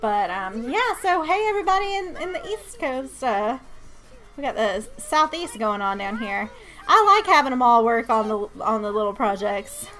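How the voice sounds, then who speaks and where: A woman's voice: fairly high pitch, sing-song, moderate pace, sharp tone, faint music behind. Giggly North Georgia woman streamer. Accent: Southern US, North Georgia. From North Georgia, USA. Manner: giggly, chatty, jokey. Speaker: live streamer. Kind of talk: casual live-stream chat while playing.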